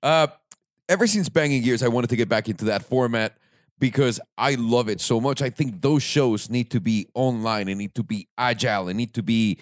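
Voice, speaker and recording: A man co-hosting a podcast in casual chat, animated and sometimes rushing his words. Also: mid-range voice, no echo, studio quality. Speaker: podcast co-host.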